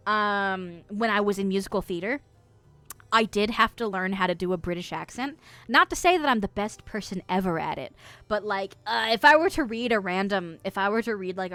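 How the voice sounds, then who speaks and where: A woman's voice: medium pitch, fairly bright tone, no room sound. Giggly woman streamer in dry close sound. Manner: giggly, rambling, swears freely, lots of fillers. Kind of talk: casual livestream chat. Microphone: streaming mic.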